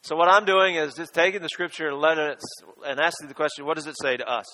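Pastor preaching in an echoey church. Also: male voice, a little high, steady tone, fast talker, pushed and bright, a little hiss or hum. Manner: conversational, addresses listeners directly. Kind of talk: sermon. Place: church sanctuary. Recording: echoey church, long reverb.

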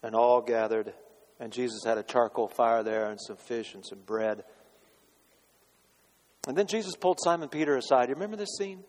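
A man's voice: medium pitch, normal speed, long pauses. Man preaching in a reverberant church. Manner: dramatic, swinging from loud declarations to hushed rhetorical questions. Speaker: pastor. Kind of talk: sermon. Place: church sanctuary. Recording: long reverb of a church hall.

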